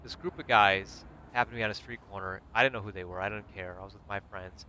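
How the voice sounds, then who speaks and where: A man's voice: lowish voice, quick pace, a little hiss or hum. A man in his thirties casually telling stories on a stream, acting out the quotes in them. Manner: animated, acts out quotes. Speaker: gaming streamer. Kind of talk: casual storytelling chat.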